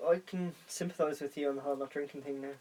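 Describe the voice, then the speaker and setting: Laid-back man, a bit high-voiced. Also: steady tone, very fast, dark tone, rough recording. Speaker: podcast guest. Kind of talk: casual chat.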